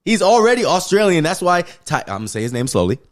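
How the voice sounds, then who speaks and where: A man's voice: high-pitched, fast talker. Man, podcast co-host, casual movie talk, profane, emphatic rants. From Pacific Islands. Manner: animated, profane, emphatic love-hate rants. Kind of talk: casual movie review chat.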